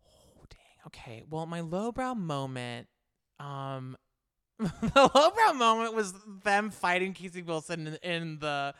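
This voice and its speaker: Enthusiastic man with a smooth voice. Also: a little high, animated, slow, fairly bright tone. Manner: enthusiastic, rambling. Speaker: podcast co-host. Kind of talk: casual chat.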